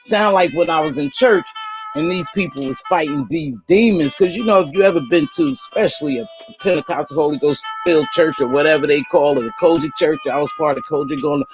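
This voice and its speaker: A woman's voice: low-pitched, fairly quick, over music. An older woman giving blunt, exasperated live commentary to her viewers. She uses casual slang and repeats words for emphasis. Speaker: online commentator.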